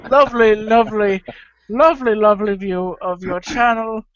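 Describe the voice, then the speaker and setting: A man voicing a mock posh Englishman in a put-on British accent, fumbling and halting, over dull lo-fi audio. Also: high-pitched, fairly even intonation, a bit bright, no echo.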